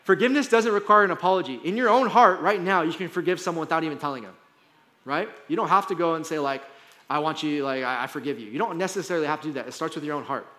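A man's voice: on the high side, very fast, pushed and bright. A male pastor giving a sermon in a conversational style, often checking in with "right?" and "like". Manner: conversational preaching with frequent "right?" and "like". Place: church hall.

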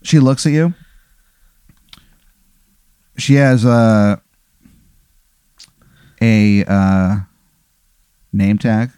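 A man's voice: fairly low pitch, very slow, pauses often, mellow, smooth, no echo. A man narrating an improvised comic scenario as game master, setting each scene with playful storytelling. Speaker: game master of a comedy hypothetical.

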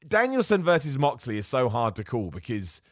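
A man's voice: mid-range voice, wildly swooping pitch, fairly quick, dry recording, studio quality. A man hosting a solo podcast, talking in a casual, rambling, opinionated way and going off on asides. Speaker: podcast host. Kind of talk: casual solo wrestling chat.

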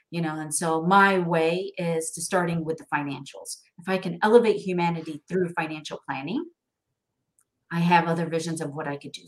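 A middle-aged woman speaking as a guest in an animated interview. She talks expressively, often laughing and acting out snippets of dialogue. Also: on the low side. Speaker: guest, financial planner.

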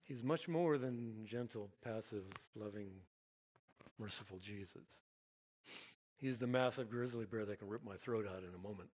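A man's voice: medium pitch, brisk, hardly any pauses, long reverb tail. Earnest middle-aged man preaching. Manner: animated, earnest storytelling with chuckles. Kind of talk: sermon-style storytelling.

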